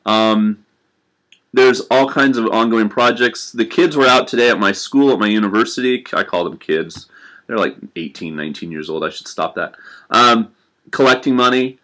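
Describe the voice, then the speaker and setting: A man's voice: lowish voice, moderate pace, pushed and bright. A young man chatting casually to camera in a rambling, self-deprecating way with many fillers. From United States. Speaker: vlogger living in Japan.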